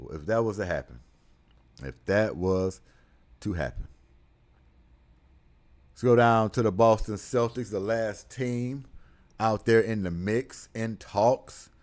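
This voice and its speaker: A man with a very low voice talks through basketball trade news in a loose, animated monologue. He jumps between hype and grumbling, with laughs and whoops along the way. It sounds like a solo sports commentary host talking straight to his viewers. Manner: animated, laughing often, with sudden loud whoops. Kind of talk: casual sports talk monologue.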